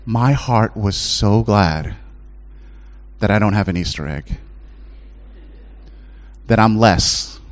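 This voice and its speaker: Taking his time and pausing frequently, a middle-aged man preaches as a chaplain. His sermon moves from fervent high pleading to hushed, low narration.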